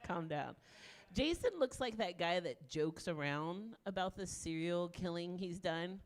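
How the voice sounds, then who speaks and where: A woman in her late forties doing a stand-up set, frank and self-mocking, with animated punchlines. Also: on the low side, measured pace. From Deep South of the US. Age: 40s. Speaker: stand-up comedian.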